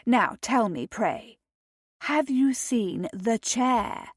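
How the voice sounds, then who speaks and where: Storybook role: a chirpy, playful young lady, read by a woman, unhurried. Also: a little high, slightly rough, no echo, clean studio sound, voice pushed up, exaggerated voice. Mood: excited. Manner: excited, chirpy.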